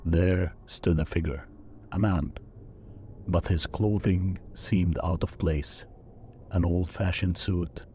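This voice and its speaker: Guy with a real low dark voice reading a spooky story, flat and slow. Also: slight background noise. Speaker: narrator. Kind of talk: scripted first-person horror narration.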